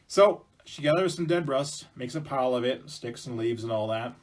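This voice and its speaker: A man's voice: mid-range voice, moderate pace, few pauses. A man telling a folk tale to a school audience in a casual, chatty way with asides to the listener. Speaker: storyteller presenting to schools. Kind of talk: casual oral storytelling.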